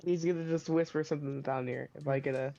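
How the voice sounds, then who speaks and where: A man making short, deadpan remarks while playing in a tabletop role-play session over voice chat. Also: fairly high pitch, fast talker, gravelly, lo-fi sound, slight background noise. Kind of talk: casual chat in voice call.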